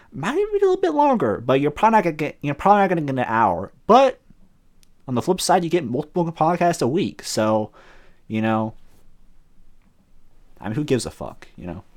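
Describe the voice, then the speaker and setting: Man, podcast host, solo sports chat, halting and rambling with many fillers, casual, swears freely. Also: medium pitch. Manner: casual and profane.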